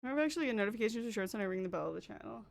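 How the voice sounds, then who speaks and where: A woman's voice: medium pitch, lively intonation, rapid-fire, gravelly. A young woman with a Canadian accent, chatting casually with her stream chat while doing her makeup. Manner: chatty, reads and answers chat. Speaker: livestreamer.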